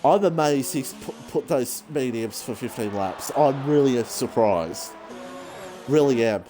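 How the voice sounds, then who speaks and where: A man giving rambling, excitable live commentary on an online racing league, saying he is out of breath. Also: medium pitch, unhurried, over music. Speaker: race commentator.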